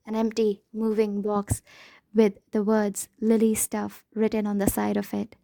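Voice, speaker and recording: A woman's voice: medium pitch, dark tone, no echo. A woman reading a novel aloud in first person, with a dramatic, emotional delivery. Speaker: audiobook narrator. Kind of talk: first-person audiobook narration.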